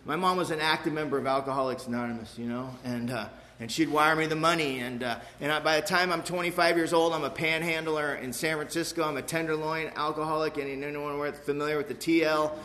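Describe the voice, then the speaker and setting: A frank, streetwise man delivers a personal recovery testimony to a live audience, speaking emphatically with quick repeats and casual tags. His voice sits a bit high for a man. The room around him is echoey. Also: steady tone, sharp tone.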